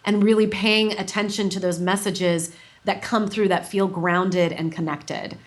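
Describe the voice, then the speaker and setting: A woman coach explains her ideas at length and patiently, in a mid-pitched voice. She sounds warm and unhurried, and her voice drops soft and low when she voices gentle advice. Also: fairly even intonation. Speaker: coach, guest. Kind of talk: explanatory interview answer.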